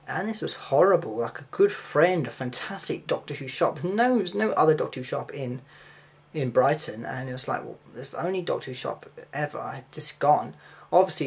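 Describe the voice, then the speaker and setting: Young guy, husky voice, excitable rambling vlog storytelling. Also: fairly high pitch. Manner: rambling, excitable, with many fillers. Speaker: vlogger. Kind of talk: casual personal storytelling.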